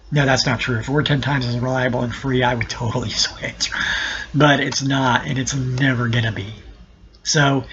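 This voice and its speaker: A man's voice: a little high, sharp tone, slightly rough, lo-fi sound. A man ranting sarcastically in a video blog, exasperated and often restarting his sentences. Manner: exasperated, sarcastic, talks himself in circles. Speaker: vlogger. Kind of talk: ranting monologue to camera.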